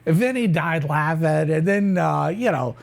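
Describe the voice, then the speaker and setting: Brief: gravelly, lively-pitched hitman rambling through a comic improv monologue, put on by a woman. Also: unhurried, full character voice. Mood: gleeful. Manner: rambling, chatty, full of fillers and asides. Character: callous boastful street hitman, gleeful about killing.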